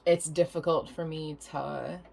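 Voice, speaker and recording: A woman's voice: sits low, fairly even intonation, unhurried, creaky, mellow. A young adult woman giving a casual tarot reading, rambling and chatty, laughing often and swearing freely. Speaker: tarot reader.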